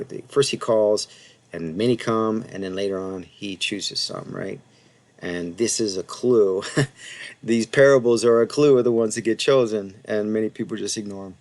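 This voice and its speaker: A man giving a casual Bible lesson, talking through a passage with frequent fillers and asides and sounding out Greek words slowly. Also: lowish voice. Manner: conversational, many fillers and asides, reads Greek haltingly. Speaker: Bible teacher. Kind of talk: casual teaching presentation.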